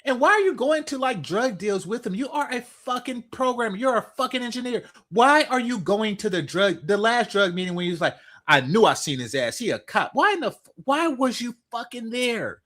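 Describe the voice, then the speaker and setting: A man's voice: very high-pitched, expressive, moderate pace, few pauses, a bit bright. A man giving heated, profane commentary, repeating himself and swearing as he rants.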